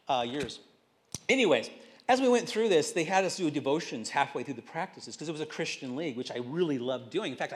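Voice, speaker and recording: A man in his sixties, a pastor, preaching a sermon with animated storytelling and self-mocking asides. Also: fairly high pitch.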